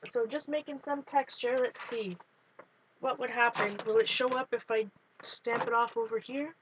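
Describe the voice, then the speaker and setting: A woman with a slightly raised pitch chats casually through a live crafting stream. She talks loosely as she works, greets viewers by name and makes small jokes at her own expense. A faint hum of room noise sits behind her. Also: steady tone, moderate pace, poor audio. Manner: chatty, self-deprecating, greets viewers by name. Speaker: art journaling livestream host.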